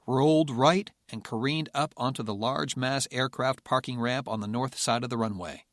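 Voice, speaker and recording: A man narrating an audiobook thriller in steady, measured scripted narration. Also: mid-range voice, no echo, clean studio sound.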